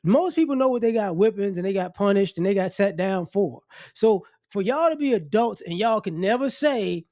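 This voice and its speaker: A man with a high-pitched voice delivering a blunt, scolding opinion rant. He talks straight at his listeners and mocks the people he criticizes. He often circles back and repeats his points for emphasis. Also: animated, moderate pace, hardly any pauses, mellow, no echo, studio quality. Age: adult. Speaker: commentary channel host.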